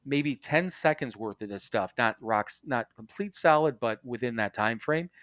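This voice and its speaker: A podcast co-host with a medium-pitched, fairly bright voice speaks at a normal speed with lively intonation, telling a rambling story in casual chat while swearing and laughing. The recording is dry and studio quality.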